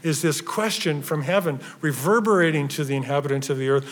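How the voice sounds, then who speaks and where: A man delivers a sermon in a somewhat raised voice, pressing hard on key phrases before falling to a hushed near-whisper. His words ring out with a long reverb, as in a large church hall. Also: a little high, a little fast, few pauses. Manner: emphatic, swings from loud stresses to hushed near-whispers. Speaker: pastor.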